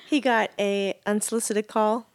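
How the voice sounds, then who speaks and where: A middle-aged woman co-hosting a podcast, telling funny stories in casual chat and laughing often. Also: mid-range voice. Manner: giggly, animated storyteller. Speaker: podcast co-host, medium.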